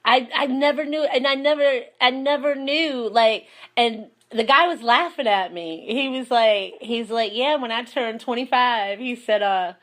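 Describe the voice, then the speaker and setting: A woman's voice: a little high, measured pace, hardly any pauses, a bit bright. A woman hosting a casual chat, telling stories animatedly and laughing often. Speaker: host.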